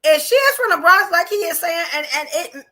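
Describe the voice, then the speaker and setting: A woman from New hosts a live podcast. Her voice sits very high and sounds bright and forceful. She comments bluntly and animatedly, laughing often. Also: lively intonation, fairly quick. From New York. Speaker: podcast host.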